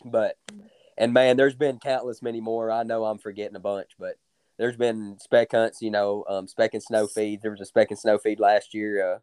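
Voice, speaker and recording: A young man with a drawl tells his stories with excited energy, repeating himself and leaning on fillers. His voice sits low and comes across smooth and resonant. The sound is dry and close, with no room around it. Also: moderate pace, no echo. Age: young adult. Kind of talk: casual storytelling.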